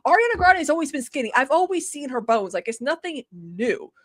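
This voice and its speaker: Woman, 30s, podcast co-host, rambling casual chat, swings up and down in pitch, dry close mic. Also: no echo. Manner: animated, rambling, quick asides, swearing.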